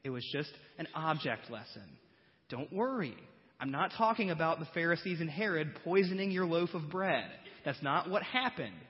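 A man voicing an exasperated male teacher who pleads with his slow followers, retold in a sermon. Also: on the high side, expressive, close to an everyday voice. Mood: reassuring. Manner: pleading, incredulous, stressing each question. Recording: dull recording with long hall reverb.

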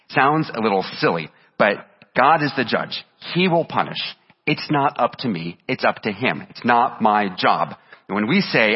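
A man's voice: mid-range voice, breathy edge, big-room sound, lo-fi sound. A man preaching a sermon as pastor, reading scripture aloud with earnest emphasis.

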